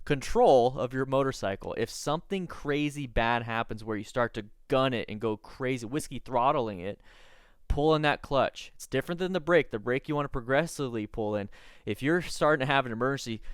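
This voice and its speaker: A man talks through a riding mistake in casual video commentary, teaching like a coach who is trying hard not to laugh. His voice is smooth and resonant, and the sound is dry and close, with no room echo. His pitch sits in the middle range. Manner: earnest, instructive, stifling laughter.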